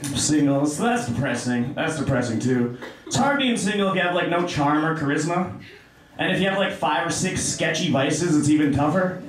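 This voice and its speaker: High-voiced young man doing stand-up. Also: expressive, moderate pace, very echoey, recorded from a distance, a crowd in the background, low-quality recording. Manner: self-deprecating, offhand storytelling. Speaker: stand-up comedian. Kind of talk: stand-up comedy set. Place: comedy club stage.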